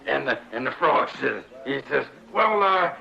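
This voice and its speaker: An actor playing a crude, wisecracking frontier saloon owner who jokes and swears in a coarse way, in 1970s western film acting. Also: male voice, medium pitch, big pitch swings, a little slow, creaky, heavily acted. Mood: joke-telling. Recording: dull old film soundtrack with hiss.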